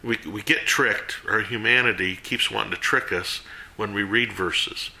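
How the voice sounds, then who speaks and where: A man giving a casual sermon to a small group, folksy and animated, jumping between loud and hushed. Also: lowish voice, a little slow, creaky, echoey room. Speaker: Bible teacher.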